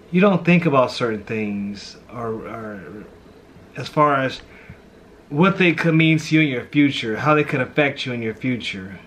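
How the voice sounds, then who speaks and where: A man who grew up in St. Louis talks in a casual, heartfelt way as a pastor hosting a vlog. His voice sits at an ordinary middle pitch, and he keeps dropping in "man" and "you know". A faint hiss runs underneath. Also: a bit bright. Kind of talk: casual reflective chat.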